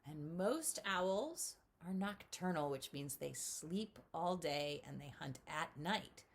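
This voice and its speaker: A middle-aged woman giving children a lively home lesson, speaking right to the kids and doing bird calls. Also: sits low, slow pace. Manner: animated, talks straight to kids, imitates owl calls. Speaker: children's author teaching at-home learners. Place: home, indoors.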